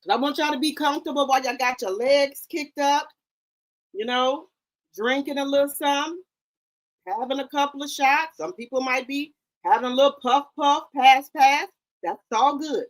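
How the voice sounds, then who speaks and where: A woman with a high voice speaks at a moderate pace while hosting a casual livestream, chatting directly to viewers in the chat. She uses a headset or desk microphone.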